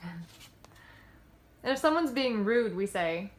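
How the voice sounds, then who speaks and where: A woman narrates a class presentation on dialects and trips over a word here and there. Her voice sits at a middle pitch, and the room around her is noticeably echoey. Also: lively intonation, drawn-out words. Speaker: student presenter.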